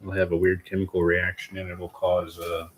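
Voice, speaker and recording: Low-voiced goofy man hosting a DIY stream. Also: monotone, moderate pace, slight background noise. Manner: goofy and rambling, talks to chat. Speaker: host demonstrating a DIY agar method. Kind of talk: casual livestream tutorial.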